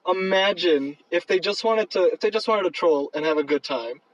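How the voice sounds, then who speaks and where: A man's voice: high voice, moderate pace. A man co-hosting a casual movie chat podcast, playful and joking. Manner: playful, jokes and tries silly accents. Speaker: podcast co-host. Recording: muffled, dull, distant from mic.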